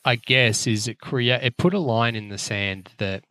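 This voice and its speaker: A man's voice: medium pitch, measured pace, sharp tone, no echo. A man chatting casually about films, rambling, with lots of fillers and restarts and some swearing. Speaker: podcast co-host. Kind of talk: casual film chat.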